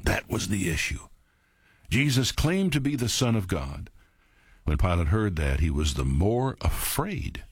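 A man's voice: low voice, sing-song, a little slow, breathy edge, dry recording, clean studio sound. A man teaching a sermon, reading verses aloud and then commenting on them in a plain, conversational way that speaks directly to his listeners. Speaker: Bible teacher.

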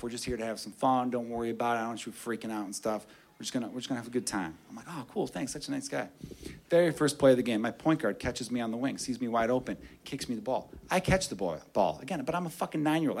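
A man doing stand-up comedy, telling a story with loud, animated delivery and shouted character voices. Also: a little high, a little hiss or hum.

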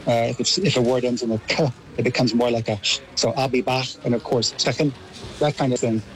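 A man's voice: mid-range voice, fairly even intonation, quick pace, a little hiss or hum, poor audio. A man from Los Angeles with an American accent, explaining articulately as a guest on a radio panel. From Los Angeles, USA. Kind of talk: radio discussion.

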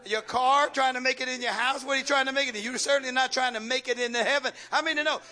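Preacher guy, real high bright voice, call and response stuff, keeps repeating lines. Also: fairly even intonation, quick pace. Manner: folksy, joking with the congregation. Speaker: pastor. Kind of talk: sermon.

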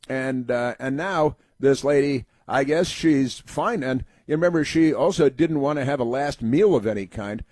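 A man's voice: medium pitch, warm tone, dry recording. A man hosting a political talk monologue, sarcastic and rambling, with many fillers and restarts. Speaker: political commentary host.

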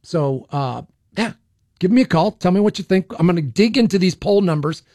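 A man's voice: high-pitched, animated, normal speed, darkish tone, no room sound, studio quality. A man hosting a political talk radio show, speaking bluntly and opinionatedly, often restarting and repeating himself. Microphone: studio microphone.

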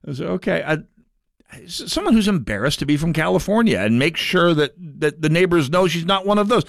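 Sarcastic radio host, lively pitch. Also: male voice, brisk, dry recording, clean studio sound. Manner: sarcastic, mocking, sharp rises in pitch for emphasis. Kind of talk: political talk radio monologue.

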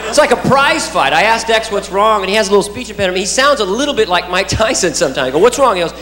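A man's voice: sits high, expressive, very fast. A man doing stand-up, playful, chatting with the audience and imitating his kids. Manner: playful, talks to the audience, does silly kid noises. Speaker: stand-up comedian. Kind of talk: stand-up with crowd work. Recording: live club, roomy echo, loud crowd.

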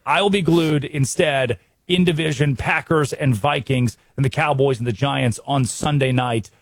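An American man hosting a sports radio show, brisk and wry, full of rhetorical questions. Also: medium pitch, no echo. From United States.

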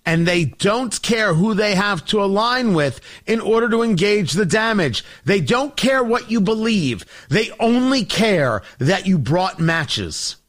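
High, lively-voiced man, combative radio host. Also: unhurried, hardly any pauses. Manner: emphatic, sarcastic, combative. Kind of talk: opinion monologue.

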